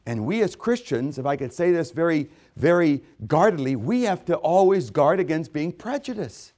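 Preacher man, hushed to booming. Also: very animated, moderate pace. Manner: dramatic swings from hushed to booming. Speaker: pastor. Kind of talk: sermon.

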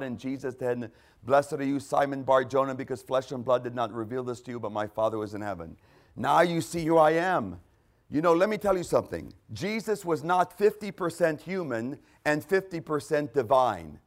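A man's voice: a little high, expressive, fairly quick. A man preaching a sermon, reading scripture aloud and pressing his points with emphatic bursts. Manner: emphatic, quoting scripture with rising intensity.

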